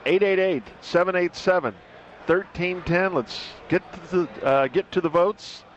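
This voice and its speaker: A man hosting a radio sports call-in show, taking caller votes with quick, wry remarks and easy laughs. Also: sits high, a little hiss or hum. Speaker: radio sports talk host. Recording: dull lo-fi radio broadcast.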